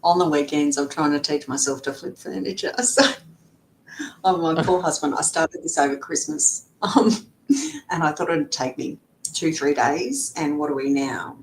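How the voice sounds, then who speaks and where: Chatting at a moderate pace with lots of fillers and laughs, a middle-aged lawyer talks as a guest in a relaxed interview. The recording is rough, with a faint rumble underneath.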